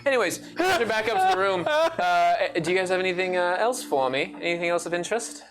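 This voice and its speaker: A man's voice: high-pitched, expressive, fast, over music. A man narrating as dungeon master, rambling with lots of fillers and restarts. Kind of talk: narrating a tabletop game.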